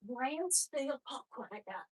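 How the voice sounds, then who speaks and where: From her kitchen at home, a woman livestreams and rambles with viewers, trailing off and restarting, and uses baby talk with her dog. Her high voice is sing-song and a little slow, with a breathy edge and no echo.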